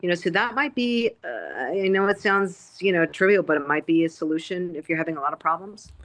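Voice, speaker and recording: A woman's voice: fairly low pitch, brisk, a bit bright, no echo. A woman guest on a podcast, a nursing leader who talks in a frank, emphatic, folksy way. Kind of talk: candid podcast conversation.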